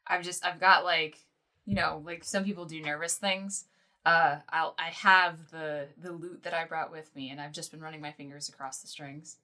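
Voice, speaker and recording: A woman's voice: low voice, steady tone, normal speed, sharp tone. A woman playing a bard in a tabletop game, with wry, joking remarks. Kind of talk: casual tabletop game play.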